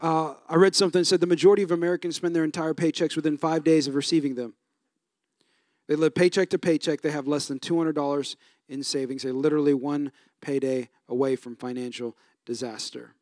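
A middle-aged man preaching a sermon as pastor, telling a family story with lively, shouted re-enactments. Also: fairly high pitch, dry recording, clean studio sound. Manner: animated storytelling, acts out his own voice in shouted bursts.

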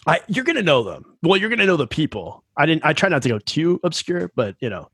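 Guy hosting a quiz on a podcast, jokey, slightly husky voice, dry sound. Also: fairly high pitch, sing-song, fast, a bit bright, no echo. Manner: joking, laughs often. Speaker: podcast host running a quiz game. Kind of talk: casual chat.

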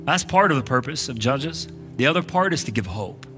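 A male pastor gives a lively, conversational sermon to a church congregation. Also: medium pitch, fairly quick, faint music behind. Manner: energetic, conversational preaching with frequent "like". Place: church sanctuary. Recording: live church service recording.

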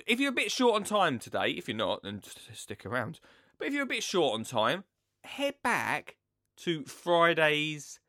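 A man's voice: on the high side, sharp tone, dry recording, clean studio sound. A young man hosting a podcast in casual chat, jokey and chatty, often interrupting himself. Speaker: podcast host.

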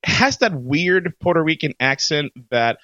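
A man co-hosting a podcast, telling lively stories in casual chat and laughing often. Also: a little high, measured pace, no room sound, highs cut off. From Florida. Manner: animated storyteller, laughs often. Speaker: podcast co-host.

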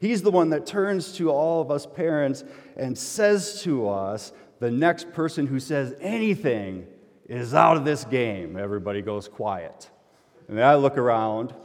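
Storytelling pastor in an echoing hall. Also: male voice, medium pitch, unhurried. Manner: conversational storytelling, grows loud and animated when excited. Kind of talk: sermon with personal story. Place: church sanctuary. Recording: long hall reverb.

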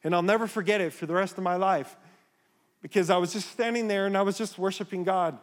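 Male pastor, higher voice, fervent sermon delivery, long reverb of a church hall. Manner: impassioned, rising to emphatic calls. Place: church sanctuary.

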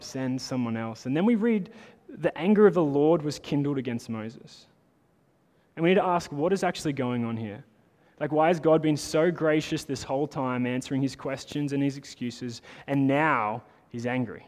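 Conversational preacher in a reverberant hall. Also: male voice, a little high. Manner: conversational, animated preaching with lots of "like". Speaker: pastor. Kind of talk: sermon.

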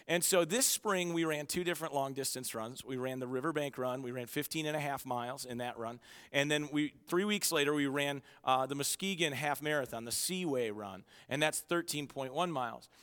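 A man's voice: medium pitch, brisk, smooth. Man preaching energetically in a hall. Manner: energetic storytelling with self-mocking humor. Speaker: pastor. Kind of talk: sermon. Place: church auditorium.

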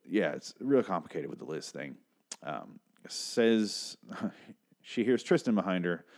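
Man, recap host, very deep voice, rambling chatty talk, casual swearing. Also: a little mellow.

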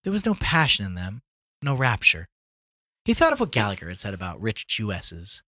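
Expressive man reading a story aloud. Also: lowish voice, moderate pace, no echo, studio quality. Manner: expressive, voices the dialogue dramatically. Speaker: podcast reader.

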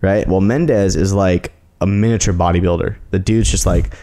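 A man's voice: deep voice, steady tone, moderate pace, dark tone. A young man hosting a casual podcast chat, loose and rambling with lots of fillers. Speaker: podcast host.

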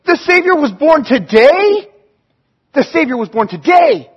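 A man playing astonished, shouting shepherds. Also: very high voice, lively intonation, a little slow, husky, dull audio, full character voice. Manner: loud astonished exclaiming. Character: amazed ordinary shepherd men, excitable.

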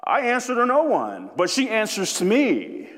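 A man's voice: high-pitched, huge pitch swings, moderate pace, a bit bright, long reverb tail, exaggerated voice. A man mimicking a smug, self-excusing husband who demands submission, in a mocking, indignant tone.

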